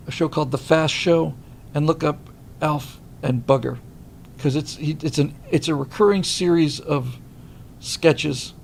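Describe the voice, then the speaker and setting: A middle-aged man hosting a casual livestream, rambling and animated as he reads viewer comments. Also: a little high, vocal fry, slight background noise. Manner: rambling, animated, many restarts. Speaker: livestream host reading super chats.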